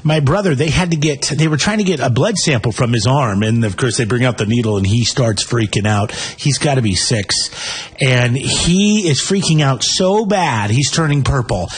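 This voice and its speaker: Husky, lively middle-aged man. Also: mid-range voice, normal speed. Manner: animated, laughing storyteller. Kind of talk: casual storytelling chat.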